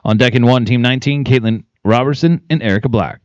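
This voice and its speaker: Announcer calling team penning runs. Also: male voice, medium pitch, quick pace, no room sound, muffled recording. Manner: rattles off times, teams and cattle numbers. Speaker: arena announcer. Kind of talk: live event announcing.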